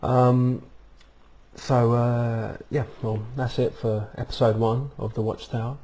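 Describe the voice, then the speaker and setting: This man talks slowly to a webcam for his own vlog, rambling casually with frequent "um"s and "uh"s. His medium-pitched voice is warm and level, picked up by the webcam microphone.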